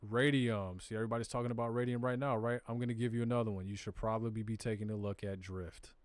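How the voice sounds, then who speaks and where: A man's voice: fairly low pitch, steady tone, fast talker, no room sound. Southern guy on a live stream, chatty and direct, dry close mic. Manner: conversational, talks to viewers directly, slips into slang. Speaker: crypto stream host. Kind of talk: casual screen-share walkthrough.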